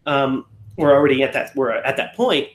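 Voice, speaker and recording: A man's voice: medium pitch, moderate pace. Rambling man in an echoey room. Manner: rambling, self-correcting, often acts out lines. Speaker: podcast co-host. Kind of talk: casual film discussion.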